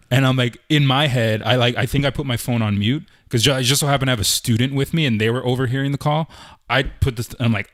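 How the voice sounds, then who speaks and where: A man's voice: mid-range voice, fairly even intonation, quick pace, no room sound, clean studio sound. A man co-hosting a podcast, telling a story in a loose, rambling way full of "like" and "I'm like". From Canada. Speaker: podcast co-host. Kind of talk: casual podcast chat.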